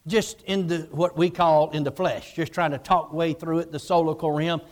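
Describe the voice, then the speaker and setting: High-voiced male preacher telling a story. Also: fairly even intonation, normal speed. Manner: emphatic and repetitive, retelling a vision with quoted dialogue. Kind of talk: sermon storytelling.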